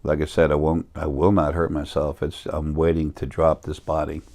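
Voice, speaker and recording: A man's voice: extremely low pitch, little pitch movement, moderate pace, gravelly, darkish tone. A man giving a rambling spiritual talk as a teacher, earnest, often stopping to correct himself. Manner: meandering, self-correcting, earnest.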